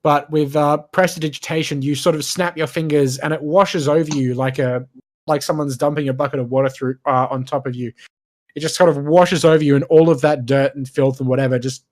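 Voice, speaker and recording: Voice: medium pitch, steady tone, a little fast. Chill game master voice, explains rules easy, swears a bit, laughs lots. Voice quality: casual, swears often, laughs a lot. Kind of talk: running a tabletop game over voice chat.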